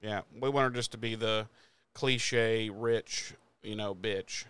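A man's voice: on the low side, fairly even intonation, takes it slowly, a bit bright, clear, resonant tone, no room sound. A man co-hosting a podcast, chatting casually about a TV episode with lots of swearing and laughter, acting out characters' lines. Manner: profane, laughing, acts out lines from the show. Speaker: podcast co-host. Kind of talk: casual chat recapping a TV episode.

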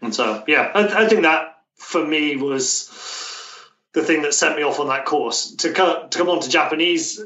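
A man's voice: a little high, moderate pace, bright, forceful tone. A British man chatting as an interview guest, talking in a loose way with many restarts and fillers. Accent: British English. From Britain. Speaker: guest, language coach. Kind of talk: casual interview chat. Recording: roomy, distant, dull remote-call sound.

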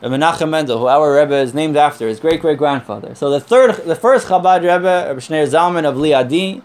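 A man's voice: on the high side, brisk, darkish tone. Earnest man teaching a Torah class. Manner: earnest and emphatic, repeats points, tells a joke. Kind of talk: conversational lesson from sources.

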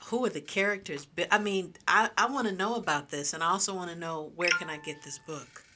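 A woman's voice: lowish voice, brisk, background noise. A woman hosting an interview, asking eager questions and repeating herself as she asks. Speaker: interview host. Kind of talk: casual interview.

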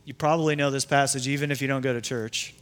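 A man's voice: medium pitch, steady tone, fast talker, a bit bright, clean tone. A man pastor preaching a sermon in a conversational way, with asides and restarts.

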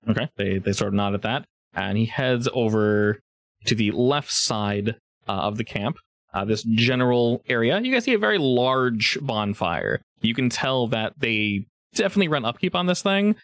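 A man's voice: mid-range voice, lively intonation, moderate pace, a bit bright, dry recording. A man narrating as game master, in a loose, rambling way full of fillers. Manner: rambling, many fillers and restarts. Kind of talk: improvised tabletop game narration.

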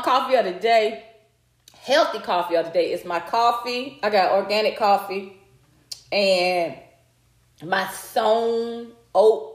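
A woman hosting a casual livestream, chatting straight to her viewers and swearing freely. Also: mid-range voice. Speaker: livestream host. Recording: roomy echo.

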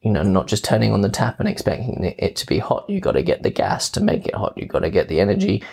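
A young man in his twenties with a low, gravelly, husky voice, speaking in a relaxed interview. He tells his stories with animation and slips into playful voices when quoting people. His accent is English with some Australian touches. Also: fast. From England. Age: 20s. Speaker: guest. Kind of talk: casual interview answers.

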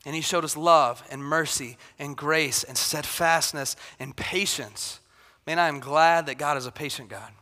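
A man's voice: fairly high pitch, unhurried, sharp tone. A man preaching a sermon in a conversational way, often acting out quotes with rising intensity. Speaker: pastor. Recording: reverberant hall.

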